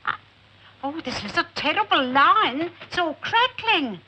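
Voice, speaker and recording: Fussy older businesswoman, homely chatter, lively high voice, 1960s sitcom. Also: a little slow, heavily acted. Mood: anxious. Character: fussy motherly older businesswoman, flustered by phones. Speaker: company director. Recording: hissy 1960s TV recording.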